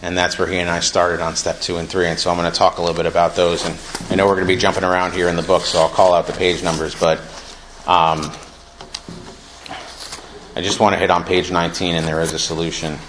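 A man's voice: low voice, flat delivery, fast, noisy background. A young man speaking earnestly at a recovery meeting, reading passages aloud from a book and reflecting on them in a conversational way.

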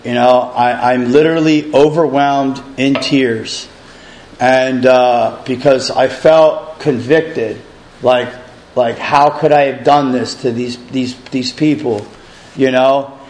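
A man's voice: mid-range voice, steady tone, slow pace, darkish tone, a little hiss or hum, rough recording. A man telling his own recovery story, rambling with many filler phrases and restarts. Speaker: recovery program member sharing his story. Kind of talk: personal testimony.

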